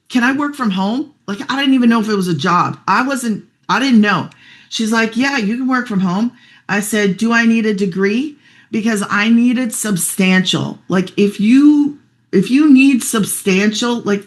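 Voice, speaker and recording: A middle-aged single mother sharing a personal testimonial, heartfelt and chatty, fighting back tears at times. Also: mid-range voice. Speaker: guest sharing her story.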